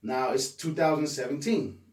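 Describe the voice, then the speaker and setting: A man's voice: mid-range voice, moderate pace, faint music behind. Laid-back male interviewer in an echoey room. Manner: relaxed, affirming interjections. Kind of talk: casual interview. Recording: roomy echo, distant mic.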